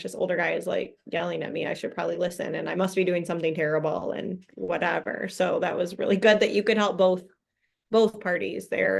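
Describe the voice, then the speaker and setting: A woman's voice: on the low side, creaky. A woman hosting a casual book club chat over a video call, talking animatedly, laughing often and acting out quoted voices.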